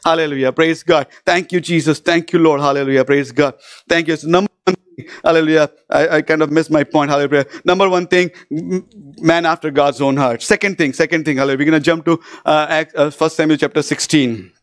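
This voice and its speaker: A man's voice: fairly high pitch, steady tone, brisk, dry recording, studio quality. A man preaching a fervent sermon as pastor, often breaking in with hallelujah and praise God and asking the church "isn't it?". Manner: asks isn't it of the congregation.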